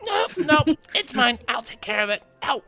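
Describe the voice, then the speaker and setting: A game master voicing an eccentric woman professor who gushes with delight even when hurt, in a tabletop role-play. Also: mid-range voice, moderate pace, creaky, soft background music, voice pushed up, exaggerated voice. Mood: giddy. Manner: gushing, exclamatory.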